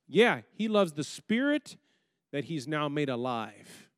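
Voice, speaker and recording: A pastor preaching a sermon, firing rhetorical questions at the congregation and swinging between loud, emphatic lines and low, quiet ones. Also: male voice, big pitch swings, slow, no room sound, clean studio sound.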